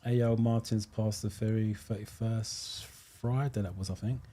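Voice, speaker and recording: A man's voice: fairly low pitch, fairly even intonation, unhurried, dark tone. A British man hosting a live driving theory stream, chatting casually as he reads viewer comments and explains answers. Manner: chatty, thinks aloud, many ums, thanks viewers.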